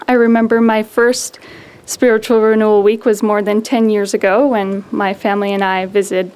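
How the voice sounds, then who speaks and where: A woman giving a spiritual talk as a guest speaker, gracious and measured. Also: mid-range voice, flat delivery, darkish tone, clean tone.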